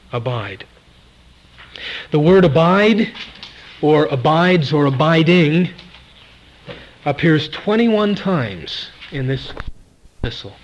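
A man preaching a sermon at a church service, emphatic and repeating key words, swinging between loud and soft. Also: fairly high pitch, lo-fi sound, a little hiss or hum.

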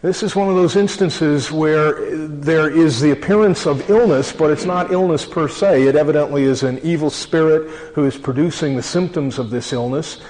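A man preaching a sermon, earnest and slowing down to stress key phrases. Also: fairly high pitch, a little mellow. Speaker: pastor. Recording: long reverb of a large hall.

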